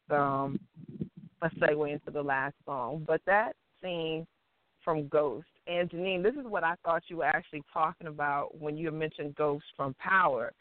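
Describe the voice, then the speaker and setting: A woman's voice: sits low, no room sound. Giggly woman host on a tinny phone line. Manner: giggly and playful, many fillers. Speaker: radio talk show host. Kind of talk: casual call-in show chat. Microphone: phone call.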